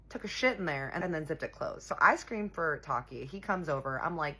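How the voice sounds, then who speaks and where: A young woman telling a personal story in a sassy, animated way, talking straight to her viewers. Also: on the low side, moderate pace, slightly rough. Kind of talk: casual storytime.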